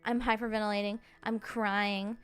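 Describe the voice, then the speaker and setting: A woman around thirty, a streamer telling a story in a chatty, halting way, full of "like" fillers and restarts. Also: mid-range voice, little pitch movement, clean tone, faint music behind. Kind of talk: casual storytelling.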